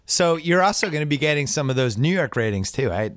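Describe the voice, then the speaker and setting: A man's voice: fairly high pitch, animated, fast talker, no room sound. A man hosting a casual podcast chat, talking in a chatty, wry way. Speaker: podcast host.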